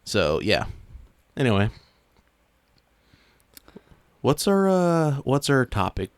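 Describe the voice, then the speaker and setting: A man's voice: medium pitch, unhurried, clean tone, no echo. A young man co-hosting a podcast in casual chat, swearing often and rambling with many restarts. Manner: swears a lot, rants loudly then calms into rambling. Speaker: podcast co-host.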